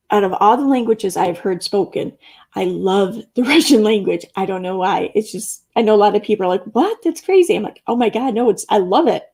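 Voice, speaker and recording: A woman's voice: mid-range voice, a little mellow, slightly rough. A woman hosting a casual livestream, rambling and reading chat comments aloud, with the odd curse word. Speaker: livestream host.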